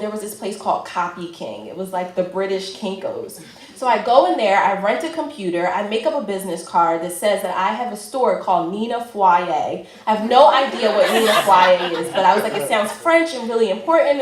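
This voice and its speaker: A woman, a fashion entrepreneur, telling a personal story in a chatty, lively way with lots of filler words. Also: medium pitch, normal speed, reverberant, low-quality recording. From United States.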